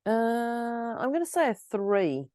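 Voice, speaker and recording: A woman co-hosting a podcast, her pitch moving a lot and her tone mellow. She chats casually and giggles easily, and her voice sounds a little husky, as if it's going. The sound is close and dry. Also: takes it slowly, no echo. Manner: giggly, animated and chatty. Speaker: podcast co-host. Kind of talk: casual motivational chat.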